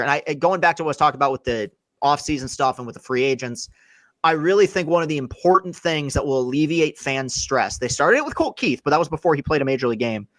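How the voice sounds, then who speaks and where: A man's voice: mid-range voice, no room sound. A man hosting a solo sports podcast, talking casually and getting worked up, often repeating and restarting words. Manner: animated, repeats words and restarts when heated.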